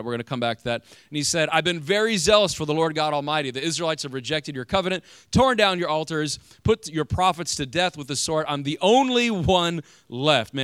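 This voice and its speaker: Bright-voiced man preaching casually. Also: a little high, smooth, dry recording. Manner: conversational preaching, rhetorical questions to congregation. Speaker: pastor. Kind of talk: sermon.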